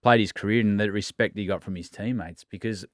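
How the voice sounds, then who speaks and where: A man's voice: fairly low pitch, fairly even intonation, fairly quick, no room sound, clean studio sound. A middle-aged man with an Australian accent, co-hosting a chat, matey and hearty, repeating words as he goes. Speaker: podcast co-host. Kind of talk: casual chat.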